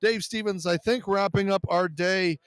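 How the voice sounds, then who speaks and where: Tired high-voiced male radio host. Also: fairly even intonation, moderate pace, dry recording. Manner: chatty, rambling with fillers. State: tired, losing his voice. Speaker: show host. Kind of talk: live radio show sign-off with sponsor reads. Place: busy media row at a sports event.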